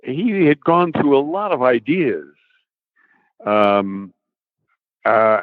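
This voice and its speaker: A man's voice: mid-range voice, dry recording, phone-quality sound. An older actor recalling his work in an interview, speaking hesitantly, with many restarts and ums. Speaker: guest actor. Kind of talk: interview recollection.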